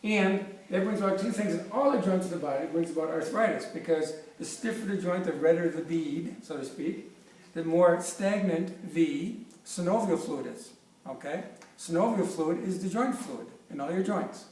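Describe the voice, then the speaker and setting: A chiropractor in his fifties gives an enthusiastic, joke-filled presentation using props, frequently restarting his sentences. His voice sits on the high side, slightly mellow, at a normal speed. The recording sounds echoey, with a distant mic and faint background noise.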